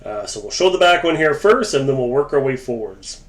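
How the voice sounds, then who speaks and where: A man hosts a live sports card break, talking casually and directly to viewers by name as he works through the packs. His voice sits at an ordinary middle pitch. The room around him is roomy and echoing. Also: lively intonation, brisk, crowd noise.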